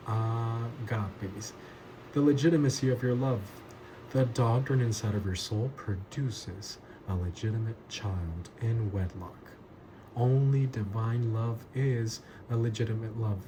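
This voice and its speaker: A lower-voiced man gives a verse-by-verse Bible teaching with steady emphasis, hammering key words through repetition. The recording carries a clear layer of background ambience noise. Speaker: pastor.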